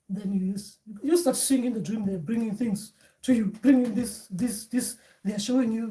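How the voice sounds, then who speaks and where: A woman's voice: medium pitch, normal speed, warm tone. Woman teaching spirituality. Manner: conversational, with many fillers and restarts.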